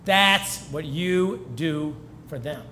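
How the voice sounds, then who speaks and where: A man with a high voice speaks to a crowd at a celebration and tells heartfelt stories in an earnest way. He sounds moved and chokes up now and then. A faint hum of the room sits under his words. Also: takes it slowly, bright, forceful tone. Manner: earnest storytelling, gets choked up. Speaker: featured speaker. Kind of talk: speech at a celebration. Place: event hall.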